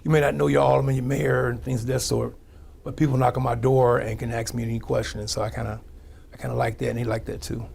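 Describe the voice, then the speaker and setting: Gravelly-voiced St. mayor talking casually. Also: male voice, medium pitch, level tone, fast talker, darkish tone. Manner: conversational, with frequent restarts and fillers. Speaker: mayor, guest. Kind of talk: casual interview answers.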